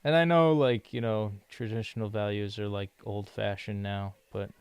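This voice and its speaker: Here the same kind of speaker, a young man from the US living in Brazil, rambles casually and laughs often as he studies a language for his vlog. His fairly low voice holds a steady tone at a moderate pace, recorded clean and dry.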